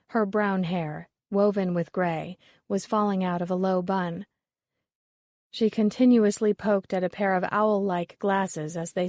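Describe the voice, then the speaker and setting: A woman narrates a mystery novel for an audiobook, her medium-pitched voice steady and measured as she reads the script. The studio-quality recording is dry.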